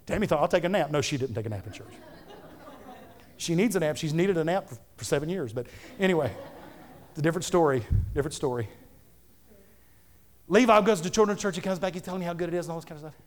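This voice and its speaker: Male pastor, thirties, high voice, earnest repeating delivery from the pulpit. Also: animated, quick pace. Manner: fervent, conversational preaching with repetitions. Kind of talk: sermon.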